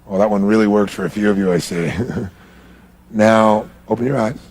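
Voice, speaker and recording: A man speaking as a motivational speaker at a live seminar, guiding an audience through exercises in an animated, coaxing way, with a gravelly voice. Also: fairly low pitch, normal speed. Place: large hall with a live audience.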